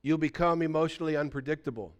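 A man's voice: fairly high pitch, fast talker, lo-fi sound. A pastor in his sixties preaching a sermon in a conversational storytelling way, often checking in with his listeners.

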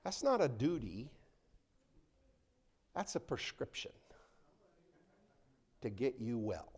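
A man preaching a conversational sermon to a congregation in a church, swinging between loud emphasis and soft asides. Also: mid-range voice, very animated, slow, long pauses, breathy edge.

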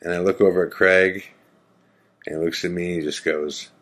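A man with a very low, deep voice tells a story in a loose, casual way. He rambles and fills pauses with frequent "uh"s and "you know"s, adding skeptical asides as he goes. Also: little pitch movement, a bit bright. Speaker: storyteller recounting a ghost hunt.

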